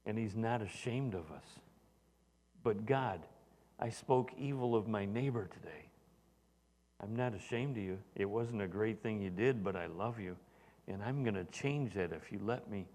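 A man with a fairly low voice preaches a sermon as the pastor. He talks loosely and conversationally, with many fillers and restarted phrases. His voice carries the long reverb of a large church hall. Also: normal speed, darkish tone.

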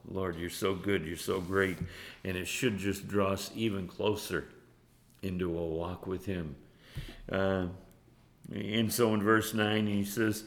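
A man with a very deep voice preaches a sermon, earnest and halting, often restarting his words. He reads scripture in old-fashioned phrasing. His voice echoes around the room. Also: a little hiss or hum.

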